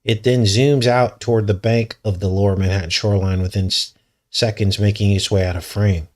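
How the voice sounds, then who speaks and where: A man's voice: lowish voice, fairly even intonation, brisk, a little mellow. A man hosting a news commentary vlog, reading articles aloud and breaking in with suspicious, skeptical remarks. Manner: suspicious, conspiratorial tone. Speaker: channel host.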